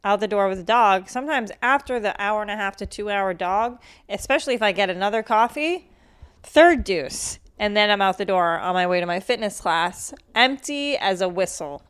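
A woman's voice: medium pitch, animated, normal speed, fairly bright tone, clean tone. A woman hosting a comedy podcast, telling crude, self-mocking stories in casual chat.

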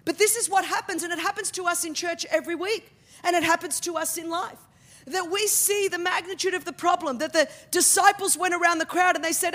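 A middle-aged woman preaching a sermon with humor, building to loud, emphatic peaks. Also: very high voice, brisk.

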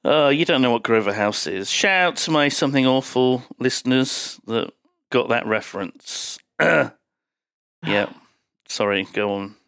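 A podcast co-host chatting casually about a film, expressive and swearing freely. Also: medium pitch, unhurried, dry recording, studio quality. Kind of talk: casual chat reviewing a film.

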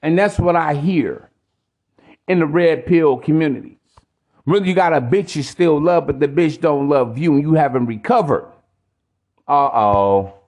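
A man's voice: fairly high pitch, normal speed, darkish tone. A man hosting a podcast, ranting in a preachy, profane monologue full of repetition. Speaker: podcast host.

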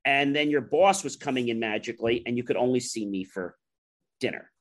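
A man's voice: mid-range voice, fairly quick. A man, a talk show host, telling a business anecdote and acting out the conversations. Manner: animated, acts out dialogue. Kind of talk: storytelling anecdote.

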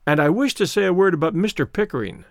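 A man's voice: sits high, expressive, fast talker, gravelly, no echo, clean studio sound. A man voicing a frosty, poised young woman. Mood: firm earnest. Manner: frosty, politely formal.

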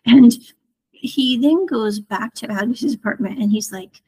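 Woman reviewer, breathy voice, easygoing rambling delivery for a casual series review. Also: a little high, unhurried, rough recording. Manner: rambling, digressive, animated retelling.

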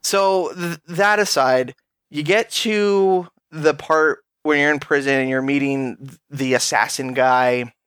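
A man's voice: on the high side, slow pace, clear, resonant tone, no room sound. A man co-hosting a podcast, ranting in a casual, profane way about a video game. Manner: profane, ranting, animated complaints. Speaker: podcast co-host.

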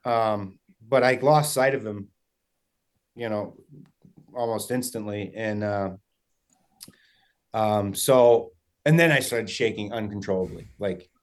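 A man's voice: on the low side, slow, pauses often. A young man, a guest, telling a story in casual chat, rambling with lots of fillers and quoted dialogue. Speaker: guest hunter.

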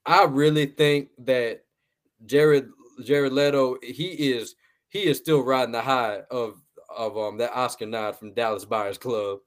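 A man's voice: mid-range voice, steady tone, measured pace. A man hosting a casual movie review podcast, talking bluntly with a lot of swearing, laughing, and repeated words. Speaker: podcast host.

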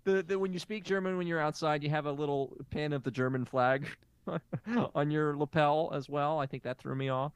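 A man hosting an improvised comedy podcast as a therapist, talking in a lively, stammering, incredulous way. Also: a little high, normal speed, smooth, dry recording. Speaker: comic playing a therapist host.

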